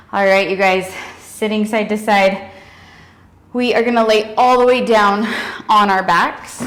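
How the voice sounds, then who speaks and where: A young woman fitness instructor cues a workout energetically, counting down, whooping, and cheering, sometimes out of breath. Her voice is medium-pitched and unhurried, and the poor recording carries slight background noise.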